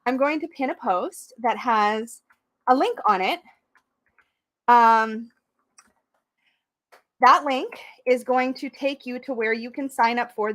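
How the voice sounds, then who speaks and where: A woman hosting a livestream, excited and emotional, close to tears and laughing often. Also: fairly high pitch. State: tearful. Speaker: tarot channel host. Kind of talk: livestream chat.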